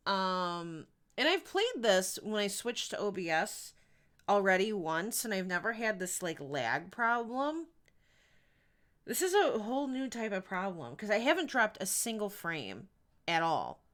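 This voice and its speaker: A woman's voice: mid-range voice, very animated, a little slow, fairly bright tone. A woman streaming a video game, chatting casually and giggling as she rambles. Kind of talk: casual live-stream chat while gaming.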